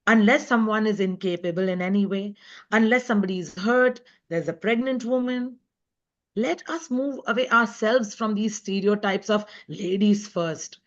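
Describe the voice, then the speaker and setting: A woman's voice: mid-range voice, moderate pace. A woman author speaking as a guest in a live online talk, earnest and emphatic. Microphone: video call. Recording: dull lo-fi web call audio.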